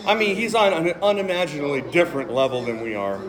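This preacher talks fast in a slightly high voice, with crowd noise in the background. He gives an animated sermon, joking between verses and reading scripture with strong emphasis.

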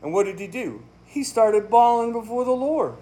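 Casting: pastor with a high male voice, relaxed and folksy, emphatic, breaks into laughs. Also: moderate pace. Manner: emphatic, conversational, laughs often. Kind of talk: casual sermon, Bible study.

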